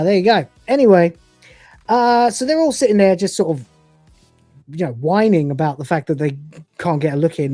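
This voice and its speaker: A man in his forties riffs through a casual live episode review. He is crude and swears freely, laughing often between thoughts. His voice sits at a middling pitch and sounds dry and close, with a little faint music behind. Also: warm tone, dry recording. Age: 40s. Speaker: podcast co-host reviewing episodes.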